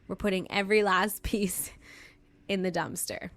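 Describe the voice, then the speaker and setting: A woman's voice: medium pitch, normal speed, fairly bright tone. A woman co-hosting a casual podcast who jumps in and finishes her partner's sentences. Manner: chimes in, finishes the co-host's sentences. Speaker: podcast co-host. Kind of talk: casual chat.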